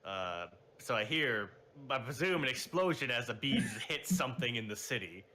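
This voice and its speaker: A man's voice: mid-range voice, lively intonation, moderate pace, sharp tone, a little hiss or hum. A man playing a tabletop game, describing his turn in a rambling, laid-back way. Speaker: player. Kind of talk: casual tabletop play.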